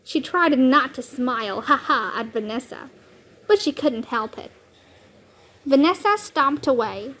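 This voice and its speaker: High-voiced woman reading a children's book. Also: expressive, a little slow, fairly bright tone. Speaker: read-aloud channel host. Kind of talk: children's storybook read-aloud.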